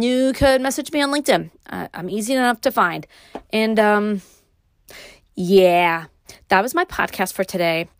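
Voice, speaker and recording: A middle-aged woman with a Brooklyn accent hosting her own podcast, talking alone in a casual, rambling way with many pauses and restarts. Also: medium pitch, no echo. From New York. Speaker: podcast host. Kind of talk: casual solo podcast monologue.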